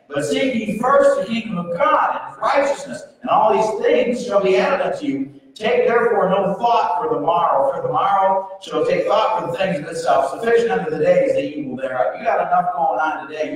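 A man preaching a sermon as pastor, telling the story in a folksy, humorous way and acting out the voices. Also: high-pitched. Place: church sanctuary. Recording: echoey hall, mic far off.

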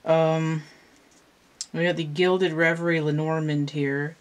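A woman's voice: low-pitched, little pitch movement, slow. A woman hosting her own channel, explaining a card layout in casual, rambling talk with many fillers and restarts. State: slightly out of breath. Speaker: channel host and tarot reader. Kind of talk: casual show-and-tell talk to camera.

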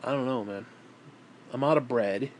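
A man's voice: medium pitch, normal speed, slight background noise. A man rambling casually on camera, swearing often and switching into baby talk with his pet. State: broke and frustrated. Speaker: vlogger.

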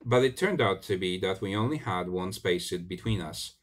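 A man reading a science fiction story aloud in an animated, expressive way, with small slips. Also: low-pitched, brisk, hardly any pauses. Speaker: reader.

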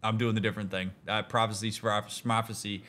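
A man voicing a gruff, weary war god and father who shrugs off all fighting, in a low, flat, dismissive mutter. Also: brisk, close to an everyday voice.

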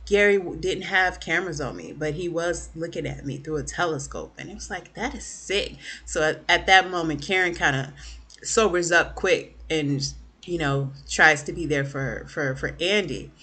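A woman casually recapping a TV episode for her viewers, chatty and animated, acting out the characters' lines. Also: sits low, moderate pace, breathy edge. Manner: chatty, lots of fillers and asides to viewers. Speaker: TV recap vlogger.

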